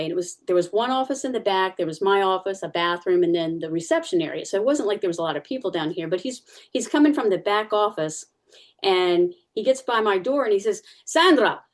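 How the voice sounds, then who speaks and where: Speaking in a mid-range voice, a woman shares a personal testimony in church, telling her story casually with plenty of fillers and restarts.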